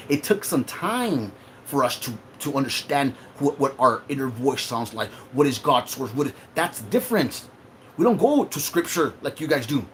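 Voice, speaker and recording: Male livestream host, heated and swearing, slightly high voice that swings widely in pitch. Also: a little hiss or hum. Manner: emotional, profane, confrontational.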